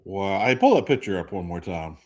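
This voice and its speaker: Rambling, low-voiced male host. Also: animated, fairly quick, darkish tone. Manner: rambling, laughs often, many fillers. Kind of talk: casual chat.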